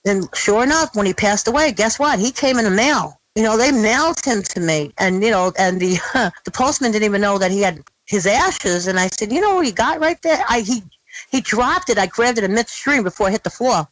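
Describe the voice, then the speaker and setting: A middle-aged woman telling her story in an interview, blunt and animated, swearing freely. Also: mid-range voice, fairly quick, dry recording, rough recording. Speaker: guest.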